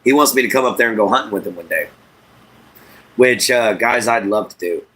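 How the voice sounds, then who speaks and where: A middle-aged man from Southeast Texas, chatting casually and haltingly with his livestream viewers by name, with lots of fillers. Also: lowish voice, a bit bright, slightly rough. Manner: unhurried, halting, many fillers, talks to chat by name. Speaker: livestream host.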